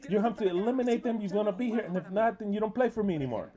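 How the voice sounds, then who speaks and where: A man speaks over a sermon as its English interpreter, cursing and scolding with heavy emphasis. His voice sits high yet sounds dark and mellow, with almost no brightness to it. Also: rapid-fire.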